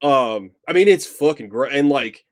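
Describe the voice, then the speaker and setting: A man chatting casually about a film, rambling and restarting his sentences with animated asides. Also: medium pitch, normal speed, dry recording. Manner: rambly, self-interrupting, animated. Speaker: podcast co-host. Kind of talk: casual film review chat.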